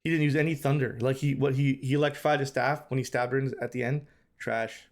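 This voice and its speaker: A man's voice: mid-range voice, fairly even intonation, fast talker. A man streaming live, giving casual, emphatic commentary and repeating his points, often calling the chat "bro".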